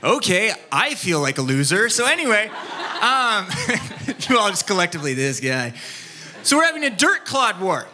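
A man preaching a sermon, telling a childhood story with lively acted-out scenes and dropping to a soft, quiet tone for his main points. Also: sits high, normal speed, background noise. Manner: animated storytelling, acts out scenes, drops soft for key points. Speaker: pastor.

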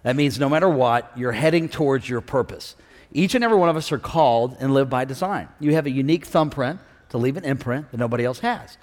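A man preaching a lively sermon in a large church, telling jokes and calling out to the congregation. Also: medium pitch, fast. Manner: energetic, joking, calls out to the congregation. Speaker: senior pastor. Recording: long reverb of a large hall.

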